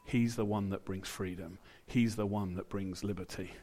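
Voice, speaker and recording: A man's voice: deep voice, fairly even intonation, moderate pace, warm tone, faint music behind. A British man preaching a sermon in church, in a conversational way, with asides and quotes he acts out. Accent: British English.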